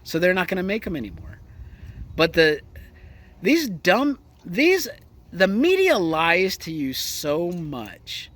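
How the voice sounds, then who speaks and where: A man's voice: high-pitched, wildly swooping pitch, takes it slowly, fairly bright tone. A man ranting casually about the news as a vlogger, crude and mocking, talking outdoors near a horse. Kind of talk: casual political rant.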